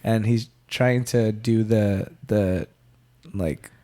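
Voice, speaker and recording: A man's voice: on the low side, fairly even intonation, drawn-out words, mellow. A man co-hosting a podcast, casually retelling movie scenes, laughing often and acting out lines. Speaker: podcast co-host. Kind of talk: casual movie recap chat.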